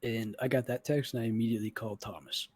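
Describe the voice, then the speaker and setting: A man's voice: mid-range voice, steady tone, fast, a little mellow, slightly rough, no room sound. A man in his twenties, a podcast host, casually retelling a falling-out with a friend, swearing freely and acting out the texts and phone calls. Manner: profane, retells arguments with quoted dialogue. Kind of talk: casual storytelling chat.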